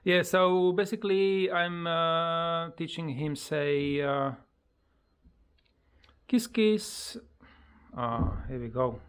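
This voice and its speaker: A parrot owner casually chatting on a pet vlog in halting speech, breaking into high sing-song coaxing when talking to the bird. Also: fairly even intonation, fairly bright tone, clear, resonant tone. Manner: halting, with many fillers and simple grammar.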